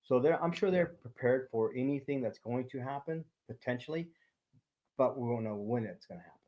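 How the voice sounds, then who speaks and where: A man's voice: medium pitch, brisk, dull audio. A man, a former police intelligence officer, explaining in casual chat and tagging points with "right?". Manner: explains steadily, tags lines with "right?".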